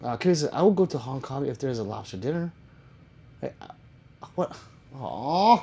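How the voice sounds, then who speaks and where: A man's voice: mid-range voice, sing-song, normal speed, creaky, pauses often, warm tone, husky. A man chatting casually on a live stream, reading viewer comments aloud and answering them with jokes and swearing.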